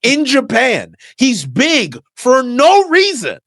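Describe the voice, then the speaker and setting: Brief: bright, tense-toned guest, swings up high when worked up, dry sound. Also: male voice, dry recording. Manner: excitable, laughing, quick questions. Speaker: podcast guest. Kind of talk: casual chat.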